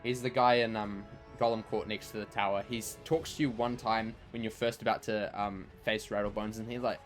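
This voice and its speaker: This streamer's fairly low, level voice runs a little fast with hardly any pauses, soft music playing underneath. He chats loosely about his game, rambling and peppering everything with "like" and "you know."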